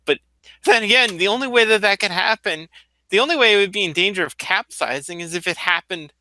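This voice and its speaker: A man's voice: sits high, a little fast, pushed and bright, no echo, rough recording. A man narrating as game master, explaining at length with loose fillers and restarts.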